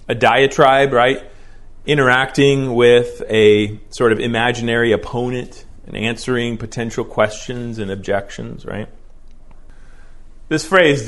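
Male Bible teacher, mid-pitched, explanatory classroom delivery, slows on key phrases. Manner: explanatory, keeps checking in with "right?". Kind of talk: verse-by-verse Bible lecture.

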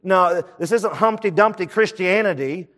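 A man's voice: high voice, a bit bright. Preaching man in a reverberant hall. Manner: conversational preaching with quick asides. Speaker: pastor. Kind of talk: sermon.

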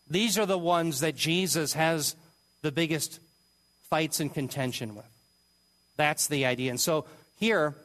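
A man's voice: on the high side, fairly bright tone. A man teaching verse by verse through a Bible passage, speaking emphatically and posing rhetorical questions to his listeners.

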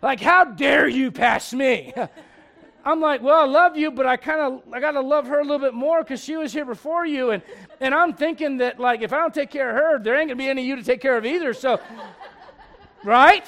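A man preaching a sermon as pastor, moving from quiet conversational asides to shouted emphasis and laughing with his congregation. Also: very high voice, a little fast.

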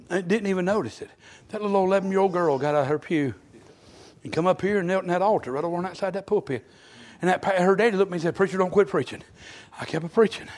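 A man preaching a fervent revival sermon in a church, moving between quiet storytelling and loud shouted exclamations. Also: sits high. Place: church sanctuary.

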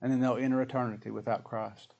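An older man preaching a sermon in an earnest, folksy way, rising louder in prayer and dropping soft. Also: medium pitch, little pitch movement, quick pace, gravelly, lo-fi sound.

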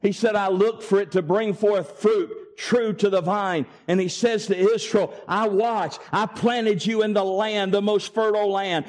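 A man preaching a sermon, emphatic and deliberate, with dramatic pauses. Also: high voice.

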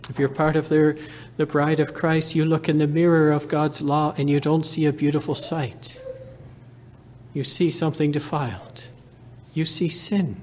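A man preaching a sermon in a slow, earnest manner, building to fervent emphasis. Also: a little high, little pitch movement, a little mellow, slight background noise.

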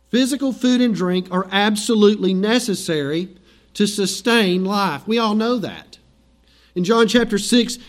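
High-voiced man preaching a conversational sermon. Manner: storytelling, conversational, acts out biblical quotes. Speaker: pastor.

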